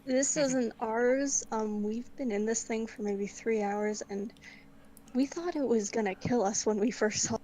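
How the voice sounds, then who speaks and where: A woman's voice: on the high side, measured pace, mellow, slight background noise, low-quality recording. A woman playing a tabletop game, explaining hesitantly with many fillers. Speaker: player.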